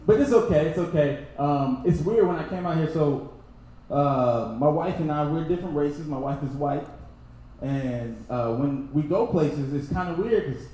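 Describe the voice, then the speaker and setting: A young adult man from Texas doing a loose, laughing stand-up set that keeps jumping into loud impressions. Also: on the high side, moderate pace. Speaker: stand-up comedian. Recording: very echoey room, faint noise.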